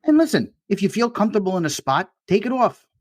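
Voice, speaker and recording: A man's voice: high-pitched, sing-song, fast, dry recording, clean studio sound. A man co-hosting a casual comedy podcast, telling stories as rants and swearing freely. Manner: ranting storyteller, swears freely. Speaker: podcast co-host.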